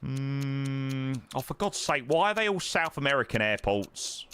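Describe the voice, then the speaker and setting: Excitable man streaming live. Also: mid-range voice, unhurried, smooth, dry recording. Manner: excitable, swings between muttering and loud outbursts. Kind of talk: casual live-stream chat while playing.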